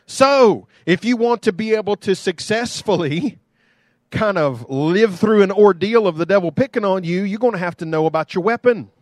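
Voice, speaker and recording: A man's voice: high-pitched, expressive, moderate pace, no room sound. A man preaching a sermon in a conversational way with playful asides. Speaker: pastor.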